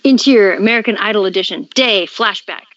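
A woman co-host reading script stage directions aloud in a brisk, matter-of-fact way. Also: medium pitch, a bit bright, dry recording, dull audio. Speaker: podcast co-host.

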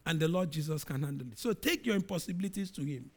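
A middle-aged man preaches a sermon in a high voice. His pitch swings widely as he reads scripture with dramatic emphasis, rising loud and then falling quiet. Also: expressive, fast.

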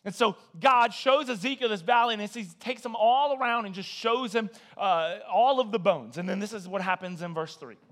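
A man preaching a casual, conversational sermon, animated and joking as he tells the story. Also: high voice, moderate pace, few pauses. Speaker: pastor.

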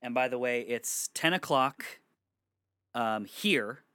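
A young man in his bedroom telling a story for his vlog, animated and swearing freely. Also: medium pitch, slow pace, clear, resonant tone, no room sound, clean studio sound. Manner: animated, swearing, breaks into laughter. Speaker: vlogger.

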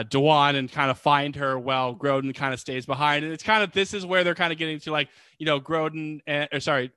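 A man's voice: on the high side, bright, forceful tone, clean tone, dry recording. A man co-hosting a casual movie talk, rambling with many fillers and acting out lines he quotes. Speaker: podcast co-host.

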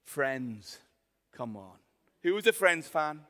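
A man's voice: on the high side, sing-song, slow pace, pushed and bright. A man in his forties with a Yorkshire accent, preaching in a chatty, joking storytelling way to his congregation. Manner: chatty, jokey storytelling with the crowd. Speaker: pastor. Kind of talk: sermon. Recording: hall with long reverb.

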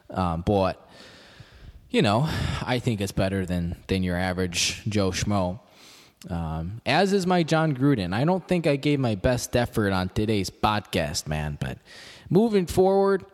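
A man's voice: low voice, long reverb tail. A man with a Chicago accent hosting a podcast, rambling through jokey, digressive asides in a casual monologue. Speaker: podcast host.

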